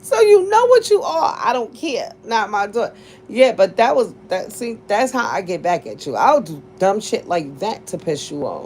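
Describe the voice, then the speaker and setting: A woman's voice: medium pitch, sing-song, normal speed, a little mellow, slight background noise. A woman in her forties telling a casual story to her viewers, blunt and profane, laughing often as she talks. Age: 40s. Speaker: vlogger.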